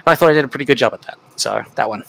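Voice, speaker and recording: A man who is a guest on a podcast, chatting casually and answering with deadpan, absurd jokes. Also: mid-range voice, rapid-fire, vocal fry, poor audio. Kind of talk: casual chat.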